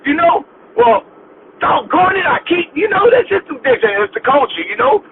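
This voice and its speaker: A man with a notably high voice that swings widely in pitch. He talks in a laid-back, rambling way, dropping "you know" and "man" constantly. The sound is thin and phone-like, with steady noise underneath. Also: normal speed. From Beaumont, Texas. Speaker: independent rapper, guest. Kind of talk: casual interview talk. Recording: tinny phone-like line with noise.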